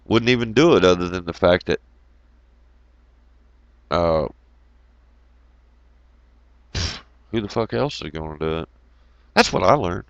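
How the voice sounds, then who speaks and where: A man's voice: deep voice, animated, unhurried, long pauses, no room sound, dull audio. A man telling rambling oil-field stories in a casual, profane way, often laughing.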